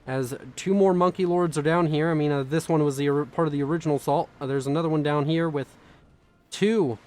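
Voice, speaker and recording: A young man casting a strategy video game with quick, chatty, self-mocking commentary, sounding tired. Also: on the high side, fairly even intonation, darkish tone. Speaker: game caster.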